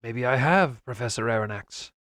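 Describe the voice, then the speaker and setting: A man's voice: medium pitch, moderate pace, a bit bright, no echo, clean studio sound, lightly acted. Man voicing a blunt, stubborn harpooner.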